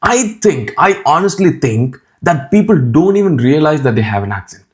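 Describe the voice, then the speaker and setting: A young man from India with a mixed Indian and Australian accent, teaching to camera in a brash, cheeky and energetic way. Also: fairly high pitch, moderate pace. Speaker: accent coach. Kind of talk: direct-to-camera teaching vlog.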